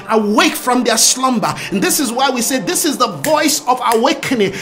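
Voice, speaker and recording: A man preaching a fervent sermon and leading intercessory prayer, repeating phrases and breaking into shouts and sung lines. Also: very high-pitched. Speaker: pastor.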